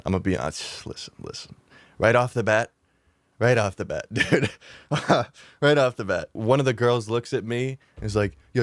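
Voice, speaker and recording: A young man tells a storytime vlog in a casual, rambling way, swearing freely and laughing at himself. His voice sits a little low. The recording is close and dry with no room sound. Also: no echo. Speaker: YouTuber.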